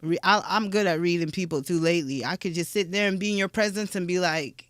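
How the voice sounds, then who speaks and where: Animated woman guest telling stories. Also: fairly low pitch, fast talker, dry recording, clean studio sound. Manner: animated storyteller who acts out other people's lines. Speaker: podcast guest. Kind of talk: casual conversation.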